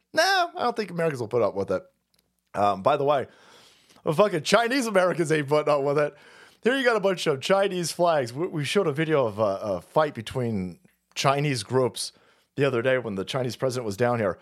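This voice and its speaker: A man's voice: medium pitch, big pitch swings, fairly quick. A man hosting a livestream, ranting about politics in a profane, rambling way and laughing often. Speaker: livestream host.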